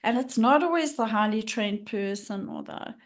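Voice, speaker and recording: A woman's voice: mid-range voice, lively intonation, moderate pace. A middle-aged woman talking frankly and emotionally about her own struggles as a guest on a podcast, often laughing as she speaks. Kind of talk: candid personal conversation.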